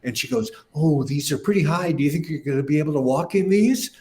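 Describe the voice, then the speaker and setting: A man's voice: a little high, quick pace, warm tone. An older man, a musician guest, telling a rambling anecdote in casual talk and acting out the voices of people he quotes. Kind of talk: casual storytelling interview.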